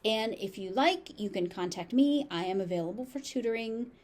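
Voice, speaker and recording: A woman with a General American accent teaching pronunciation, saying each word several times slowly and deliberately. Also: a little high, lively intonation, a little mellow. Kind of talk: slow, carefully articulated pronunciation lesson.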